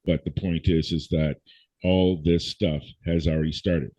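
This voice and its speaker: A man's voice: deep voice, steady tone, unhurried, dark tone, no echo. A man speaking as a guest in a blunt, profane, lecturing rant, hammering his points home with emphasis. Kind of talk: blunt ranting conversation. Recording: dull, dry lo-fi audio.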